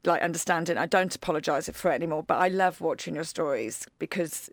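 A woman's voice: low-pitched, fast. An Irish woman hosting a podcast, chatting in a playful, encouraging way. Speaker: podcast host. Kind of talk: casual podcast chat.

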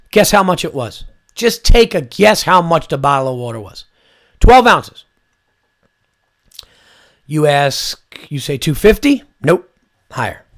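A man hosting his own podcast, ranting in a loose comedic monologue with speech, lots of swearing and acted-out quotes. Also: medium pitch. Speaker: podcast host.

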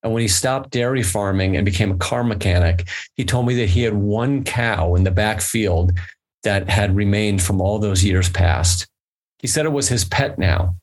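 A man's voice: lowish voice, moderate pace. A man appearing as a guest on a podcast, talking earnestly, stammering into sentences and reading a long quote aloud. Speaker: podcast guest, photo editor. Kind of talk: casual conversation.

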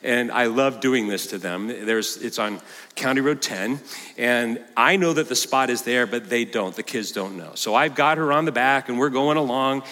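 Animated older male pastor in a reverberant hall. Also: mid-range voice, normal speed. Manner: storytelling, animated, imitates a squealing child. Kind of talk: sermon.

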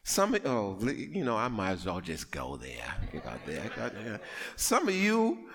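A man who grew up in the West Indies, preaching a sermon with animated, comic storytelling that builds to shouts. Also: lowish voice, measured pace, big-room sound. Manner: animated, acts out dialogue in comic voices. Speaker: pastor.

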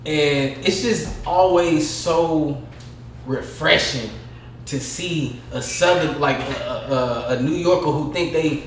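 A young man with a fairly high voice rants and tells stories on a casual podcast, swearing freely and breaking into loud, animated bursts. The room is echoey, with a faint hum of background noise behind him. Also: slow pace. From California. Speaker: podcast co-host.

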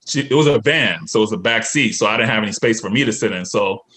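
A man telling a long, animated story on a casual podcast, acting out other people's lines. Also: lowish voice, quick pace, breathy edge. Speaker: podcast guest.

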